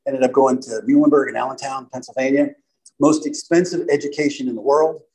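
Older American man, folksy storyteller, plain mid-pitched voice, trips over his restarts. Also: fairly even intonation, a little fast, a little mellow, poor audio. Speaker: speaker sharing his recovery story. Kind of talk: recovery talk with personal story.

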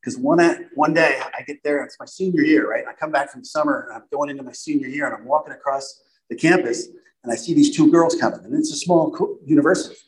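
A man's voice: on the high side, quick pace, low-quality recording. Older man telling a folksy recovery story. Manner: folksy storytelling with repeated restarts. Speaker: speaker sharing his recovery story. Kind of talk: recovery talk with personal story.

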